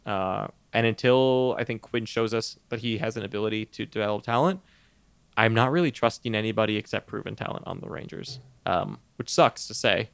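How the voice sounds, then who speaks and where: A man co-hosting a podcast in casual sports chat, animated, laughing often and tripping over his words. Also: on the low side, fairly quick, gravelly, clear, resonant tone, no room sound. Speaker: podcast co-host.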